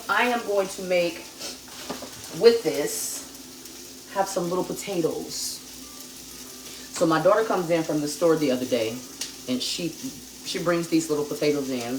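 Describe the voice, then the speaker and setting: A woman's voice: lowish voice, a little hiss or hum. A woman hosting a live cooking stream from her home kitchen, chatting with her viewers as she cooks. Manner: chatty, talks straight to viewers. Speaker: cooking show host. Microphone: phone camera at a distance. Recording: echoey kitchen, mic far off, sizzling pan. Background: frying and sizzling food.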